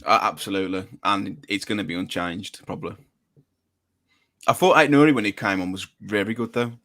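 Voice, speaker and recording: A chatty young man hosting a live fan stream, easygoing and talkative. His voice sits a little low. He drifts through team picks and viewer comments in a relaxed, conversational way. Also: fairly quick. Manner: chatty, reads chat comments aloud. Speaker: fan channel host. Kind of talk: casual live stream chat.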